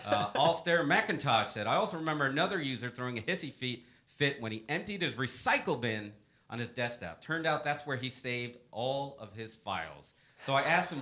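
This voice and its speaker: Upbeat male webcast host, lively pitch, bright tone, playful storyteller. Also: brisk. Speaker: webcast segment host reading help desk stories. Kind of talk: casual storytelling to a panel.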